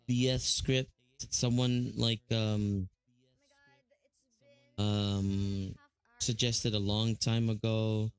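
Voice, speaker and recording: A man's voice: on the low side, clean tone. A man with a Filipino accent chatting casually on a live stream, rambling with lots of fillers and restarts.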